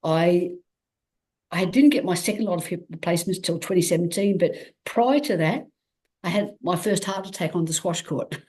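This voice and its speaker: A woman's voice: on the low side, normal speed. A woman from Australia, a guest athlete in an interview, telling her story candidly, acting out quoted dialogue with lots of restarts. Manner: animated, acts out quoted dialogue, frequent restarts.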